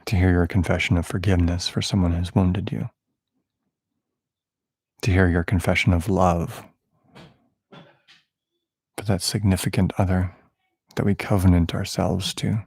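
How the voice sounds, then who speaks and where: A man with a very low, gravelly voice offers an improvised prophetic prayer over a listener. He rambles affectionately and teases himself as he goes, and his voice sounds close and dry. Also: level tone, a little slow, long pauses, a little mellow, no echo. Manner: playful, affectionate, rambling and self-mocking. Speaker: spiritual podcast host.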